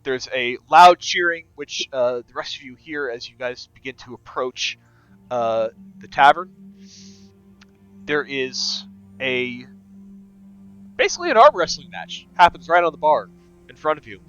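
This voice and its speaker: A male game master narrating an adventure in a relaxed, meandering way, full of pauses and filler sounds. His voice sits at a middle pitch, and the online audio comes through slightly muffled. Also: smooth, soft background music.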